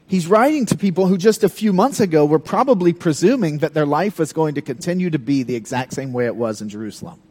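A man preaching a sermon in a conversational, animated way, breaking into dramatic scripture readings. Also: on the high side, fast talker, few pauses, husky. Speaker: pastor.

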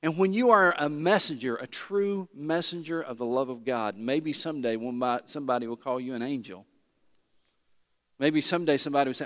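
A man's voice: mid-range voice, brisk. A man preaching a sermon as pastor, telling a personal story in an earnest way that rises to emphatic peaks. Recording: long reverb of a large hall.

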